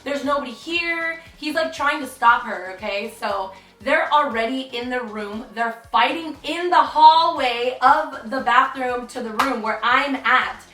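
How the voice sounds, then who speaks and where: A woman's voice: fairly high pitch, a little slow, hardly any pauses, fairly bright tone. A young woman telling a dramatic story in a chatty vlog, full of "like". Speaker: vlogger. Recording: roomy, distant, faint music.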